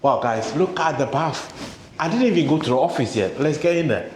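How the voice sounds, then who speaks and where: A man's voice: on the high side, lively intonation, normal speed, a little hiss or hum. A man vlogging a hotel room tour, gushing and exclaiming as he shows each room. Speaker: travel vlogger. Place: hotel suite, indoors.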